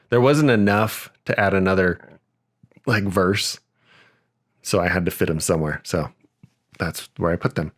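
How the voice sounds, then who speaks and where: Low-voiced young man rattling off a list. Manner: rattling off list, half-sung. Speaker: podcast host. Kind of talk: casual podcast recitation.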